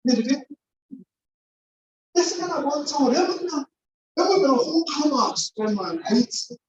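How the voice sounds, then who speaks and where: A woman's voice: sits high, lively intonation, unhurried, a little mellow. A woman speaking informally to a church congregation, often quizzing her listeners. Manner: chatty, keeps quizzing the congregation. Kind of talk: informal sermon-style talk. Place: church hall. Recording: echoey, dull, distant church recording.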